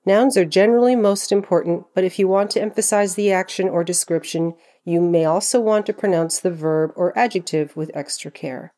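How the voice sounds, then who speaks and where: A woman giving a scripted pronunciation lesson, slowing down to model words clearly. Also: fairly low pitch, mellow. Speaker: pronunciation teacher. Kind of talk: scripted instructional narration.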